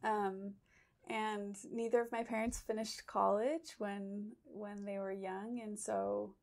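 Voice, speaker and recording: A young woman from Idaho, a graduate student, talks through an interview in a mid-pitched voice. She answers thoughtfully, pausing often with soft ums and small laughs between ideas. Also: flat delivery, creaky. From Idaho, USA. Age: young adult. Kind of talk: conversational interview.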